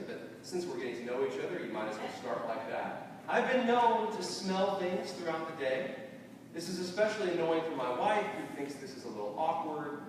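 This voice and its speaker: A male pastor reads scripture slowly and carefully, letting his phrases fall away softly at the ends. His voice rings through a large church hall, picked up from well back from the microphone with a steady hum of ambient noise underneath. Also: fairly high pitch. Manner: slow, deliberate reading with soft falling endings. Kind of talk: sermon with scripture reading. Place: church sanctuary. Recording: roomy church hall from far off.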